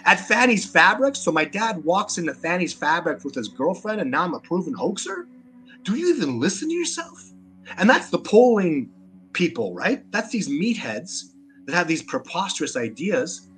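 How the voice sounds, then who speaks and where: Canadian man on the interview seat: pushy, emphatic, stumbles over repeated words, slightly raised pitch, soft music bed. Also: sing-song, normal speed. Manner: emphatic and combative, repeats words when worked up. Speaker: interview guest, Sasquatch researcher. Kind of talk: animated interview talk.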